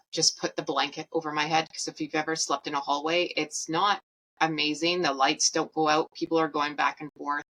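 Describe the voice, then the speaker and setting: A young woman from Canada tells a personal story as a podcast host. Her voice sits low but carries a bright, forceful edge. She is candid and self-mocking, and she plays out each exchange with lively quoted dialogue. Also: poor audio. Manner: animated, acts out quoted dialogue; candid and self-mocking, laughs while telling.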